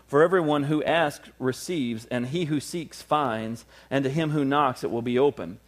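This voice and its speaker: A man preaching a sermon with fervor, moving from quiet low passages to loud, raised ones and acting out everyday scenes. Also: moderate pace. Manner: acts out everyday scenes in small voices. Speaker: pastor.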